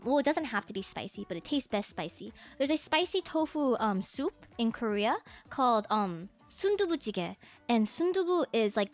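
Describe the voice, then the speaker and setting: Giggly high-voiced woman streamer. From United States. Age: young adult. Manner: giggly, animated, mimics her parents' exclamations. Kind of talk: casual chat. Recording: faint music behind.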